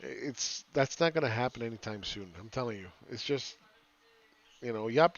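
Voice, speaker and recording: A man's voice: medium pitch, expressive, normal speed, muffled recording. A man giving casual, rambling live chart commentary as a market analyst, often asking "right?".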